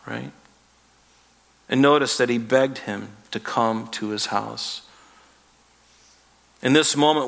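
Bright-voiced man preaching an animated sermon. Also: medium pitch, gravelly. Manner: animated storytelling, acting out biblical characters in casual speech. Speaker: pastor.

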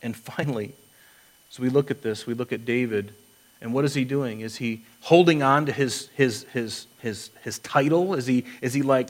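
A man's voice: medium pitch, normal speed, rough recording. A man preaching a sermon as a pastor, earnest, acting out quotes and often restarting his sentences.

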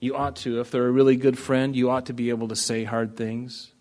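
A pastor preaches a sermon in a conversational manner, putting questions to his congregation. His mid-range voice is slightly mellow, with flat delivery and a pace that runs a little fast.

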